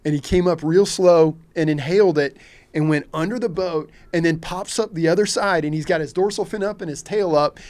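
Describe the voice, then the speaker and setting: A middle-aged man from Kentucky tells a fishing story as a guest on a podcast. He talks in a lively way and acts out his own shouts and thoughts. His voice sits a little high for a man. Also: brisk. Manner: animated, acts out his own reactions in quotes. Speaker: guest, shark fishing captain.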